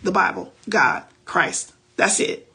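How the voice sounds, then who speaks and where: A woman's voice: mid-range voice, animated, slow, gravelly, sharp tone, slightly rough. A woman hosting a faith podcast, giving casual Bible teaching on a phone livestream in a chatty, preachy way with loose slang.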